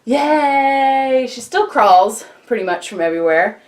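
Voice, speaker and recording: A woman's voice: on the low side, moderate pace. A young woman, a mother and vlogger, chatting casually to the camera at home, with plenty of ums and likes. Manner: chatty, many ums and likes, breaks off to talk to baby. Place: home, indoors. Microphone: camcorder on a tripod.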